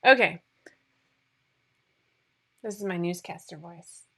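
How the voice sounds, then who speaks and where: Chatty woman with a bright voice. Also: lowish voice, slow, husky. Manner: chatty, rambling, laughs at herself. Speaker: sewing pattern designer hosting a livestream. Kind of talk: casual livestream chat reading viewer comments.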